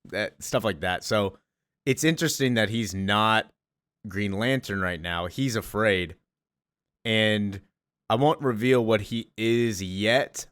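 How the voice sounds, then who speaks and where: A man's voice: on the low side, fairly bright tone, clean tone, dry recording. A man hosting a casual comic book recap in a chatty way, with lots of fillers. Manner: chatty, full of fillers and laughs.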